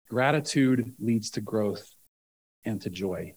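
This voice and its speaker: A man's voice: medium pitch, takes it slowly. A man pastor preaching a sermon in a conversational way, often checking in with the room.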